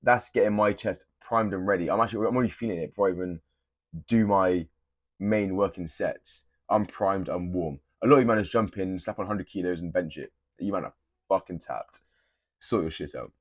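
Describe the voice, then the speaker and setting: A man's voice: sits low, a little fast, dry recording. A young man giving blunt, profane gym advice in a casual, teasing way. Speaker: fitness creator. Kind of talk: casual gym tips to camera.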